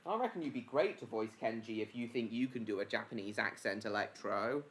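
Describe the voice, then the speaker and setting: A man's voice: on the low side, brisk, fairly bright tone, a little hiss or hum. A man hosting a casual live stream, rambling and answering viewers by name mid-sentence, with lots of basically and reckon.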